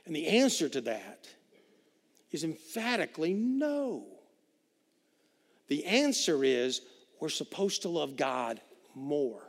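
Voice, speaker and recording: Pastor preaching in a reverberant hall. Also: male voice, on the high side, big pitch swings, slow pace, vocal fry, pauses often. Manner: preaching with sudden swings between loud and hushed. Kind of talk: sermon.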